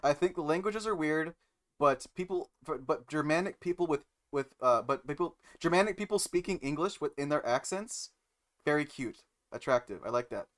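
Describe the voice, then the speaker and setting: A man streaming live, reading code aloud and musing to chat with many pauses and fillers. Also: a little high, expressive. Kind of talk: casual live-stream chat while coding.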